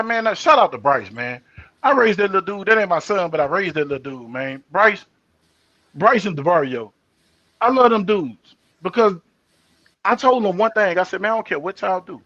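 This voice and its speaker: On a dry, lo-fi recording, an older man with a voice on the high side hosts a relaxed live talk show. He tells stories with animation, performing each character's quoted lines.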